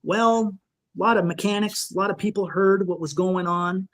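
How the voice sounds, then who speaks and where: A man guest on a podcast, recounting a frightening personal encounter in a halting, emotional way, full of restarts and "you know". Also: sits high, a bit bright. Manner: shaken, emotional retelling.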